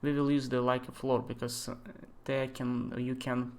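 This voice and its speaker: A man in his twenties, not a native English speaker, thinking aloud and chatting with viewers during a live software tutorial. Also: medium pitch, little pitch movement, moderate pace. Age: 20s. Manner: thinks aloud, chatty asides, answers chat questions. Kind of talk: live screen-share tutorial.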